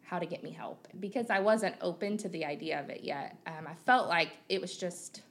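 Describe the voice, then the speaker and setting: A woman's voice: on the low side, a little fast. A woman in her thirties from Missouri, speaking as a podcast guest with open, reflective talk and frequent fillers. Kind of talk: candid conversational interview.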